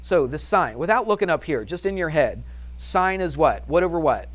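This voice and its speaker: With a fairly high voice that swings widely in pitch, this man teaches a math lesson at a moderate pace. He's cheerful and talkative, throwing questions at the class only to answer them himself.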